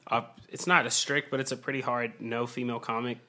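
Bright-voiced man, a comedian guest. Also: mid-range voice, level tone, fast. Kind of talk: casual podcast chat.

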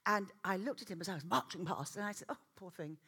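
A middle-aged woman preaching a sermon, animated and self-mocking, often laughing as she tells stories. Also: medium pitch, quick pace, husky.

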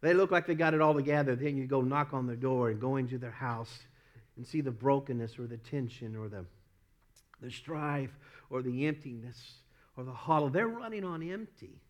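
A man's voice: medium pitch, normal speed. A man with a Southern US accent preaching a sermon as pastor, earnest and repetitive, breaking into little self-deprecating laughs.

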